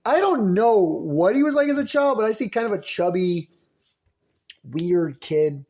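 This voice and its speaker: A man's voice: sits high, expressive, measured pace, darkish tone. A man riffing in a comedic monologue, rambling and sarcastic, bouncing between ideas. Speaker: podcast host.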